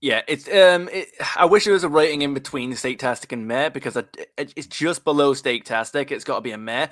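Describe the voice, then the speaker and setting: A man's voice: medium pitch, brisk, fairly bright tone, no echo. Self-correcting male podcast guest, dry mic. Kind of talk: casual podcast chat.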